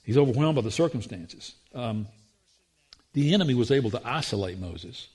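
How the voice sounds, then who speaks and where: A man preaching a sermon, acting out voices in the quotes, his pitch rising when he gets excited. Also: moderate pace, husky.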